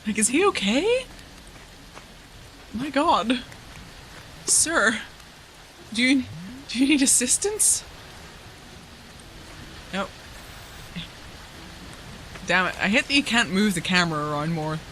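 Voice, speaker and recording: A woman's voice: fairly high pitch, big pitch swings, slow pace, pauses often, a bit bright, slight background noise. A woman streaming a video game from home, chatting casually and giggling as she talks to her viewers and her pets. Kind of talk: casual live-stream chatter while playing.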